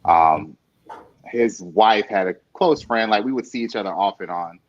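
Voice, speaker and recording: A man on an interview show telling a story in a lively way, acting out quotes and laughing often. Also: fairly low pitch, moderate pace. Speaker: interview guest. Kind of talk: conversational podcast interview. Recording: dull lo-fi sound.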